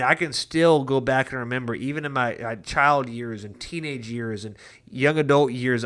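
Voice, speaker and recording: A young adult male pastor talks through a daily devotional in an earnest, conversational way. He tells personal stories and often restarts his sentences. His voice sits at an ordinary middle pitch. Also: fairly bright tone. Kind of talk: devotional Bible talk.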